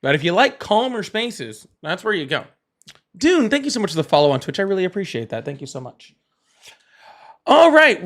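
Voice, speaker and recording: A man's voice: high voice, a bit bright. A man from the Southern US hosting a casual live call-in chat, laughing, teasing and repeating words. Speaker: livestream host.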